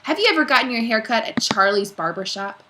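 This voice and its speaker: A woman's voice: a little high, animated, fairly quick, background noise, voice pushed up, natural voice. A woman doing a barking, suspicious school principal. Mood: interrogating. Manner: barking, loud interrogating.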